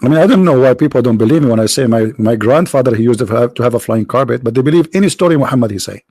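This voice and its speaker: Sarcastic man, English, lively pitch. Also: very fast, breathy edge, no echo, studio quality. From Middle East. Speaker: religion critic. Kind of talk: mocking monologue.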